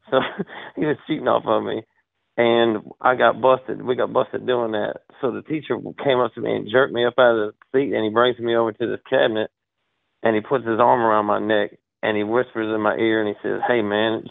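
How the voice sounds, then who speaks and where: A gravelly-voiced man with a drawl tells a story with lots of cussing. His voice comes through thin and tinny, like a phone line, and the sound is dry and close. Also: lowish voice, no room sound. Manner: animated storyteller, profane. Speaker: podcast co-host. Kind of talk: casual chat.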